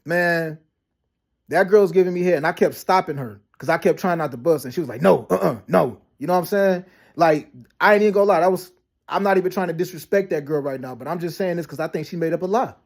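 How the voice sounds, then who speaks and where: A man ranting to camera about being lied about, talking fast with heavy slang, profanity and many restarts. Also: fairly high pitch. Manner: fast, repetitive storytelling with frequent restarts and "you know what I'm saying". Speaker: vlogger. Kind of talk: rambling personal rant to camera.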